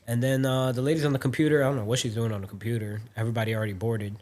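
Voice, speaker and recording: A man's voice: mid-range voice, level tone, rapid-fire, a little mellow. A man on a podcast telling a travel story in casual chat, acting out what other people said. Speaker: podcast host.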